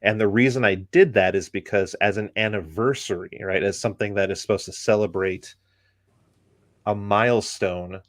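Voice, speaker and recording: A man's voice: lowish voice, fairly even intonation, moderate pace, no room sound, studio quality. A man in casual chat, giving an opinionated critique full of ums and likes. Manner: rambling, many ums and likes.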